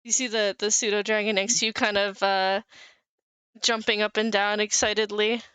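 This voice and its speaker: A woman runs a tabletop game, describing scenes in a casual, halting way with plenty of fillers. Her voice is smooth and clear. The sound is dry and close. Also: mid-range voice, little pitch movement, a bit bright, no echo. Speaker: game master.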